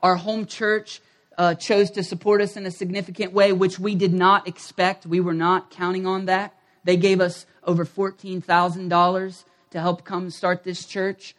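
Male pastor, mid-life, high voice, animated sermon storytelling with acted-out quotes. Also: normal speed.

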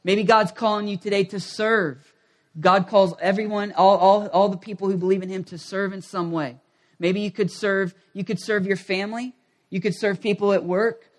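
A man preaching a sermon as pastor, animated, acting out quoted voices and rising toward shouts. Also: high-pitched, moderate pace. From United States.

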